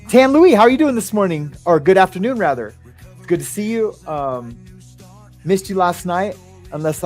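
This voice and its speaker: A man's voice: fairly high pitch, a little mellow. A man hosting a casual livestream, rambling and hesitant, with many ums as he greets viewers by name. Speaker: livestream host.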